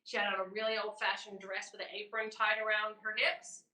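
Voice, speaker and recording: A woman co-hosting a podcast tells an eerie story in a bright, forceful voice. She shifts between loud bursts and hushed asides. She sounds a little distant from the mic in a roomy space. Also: medium pitch, little pitch movement, a little fast. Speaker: podcast co-host. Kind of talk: casual chat, telling a ghost story.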